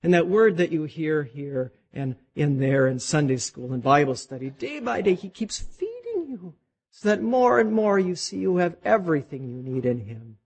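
A man preaching from the pulpit with a slightly high, husky voice. He preaches with animated energy, often rising sharply in pitch as he gives God's words to his listeners. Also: normal speed. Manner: animated preaching, voice climbing high when voicing God. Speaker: pastor. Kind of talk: sermon.

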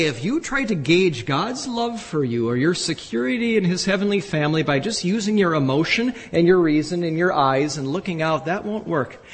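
Emphatic preacher in an echoing hall. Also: male voice, fairly high pitch, breathy edge. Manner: emphatic preaching, rising to loud exclamations. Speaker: pastor. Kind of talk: sermon. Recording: echoey hall from a distance.

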